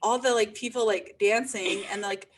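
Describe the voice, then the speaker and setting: A woman's voice: mid-range voice, fairly even intonation, moderate pace. Young woman, emphatic casual chat. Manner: chatty, filler-heavy, emphatic. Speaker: podcast co-host.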